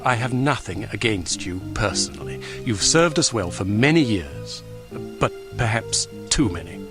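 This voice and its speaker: A man's voice: medium pitch, natural voice. An actor playing a stuffy male spy bureaucrat, clipped and condescending.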